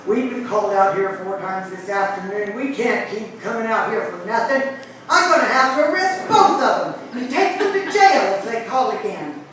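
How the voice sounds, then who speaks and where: A woman voicing a young male policeman who talks in a flat, firm way. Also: mid-range voice, moderate pace, lightly acted. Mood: weary, firm. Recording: echoey room from a distance with background noise.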